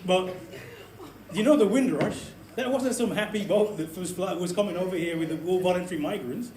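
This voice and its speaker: A man giving an impassioned talk to an audience, animated, full of rhetorical questions and laughing asides. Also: high voice, brisk. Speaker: speaker addressing an audience. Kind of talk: impassioned lecture to a live audience. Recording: echoey room, voice from a distance.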